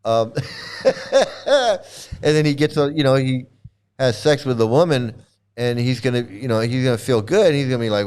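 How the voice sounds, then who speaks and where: A man's voice: mid-range voice, expressive, moderate pace, darkish tone. A middle-aged man hosting a livestream, ranting in a mocking, profane way, laughing often and repeating himself. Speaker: livestream host.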